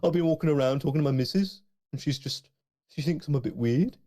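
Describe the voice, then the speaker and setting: A man's voice: a little high, fast talker, mellow, pitched above the performer's own voice, natural voice. A man putting on a chatty, bemused Birmingham man whose every sentence rises like a question, in a Birmingham accent. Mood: puzzled. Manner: lilting, every line rising like a question.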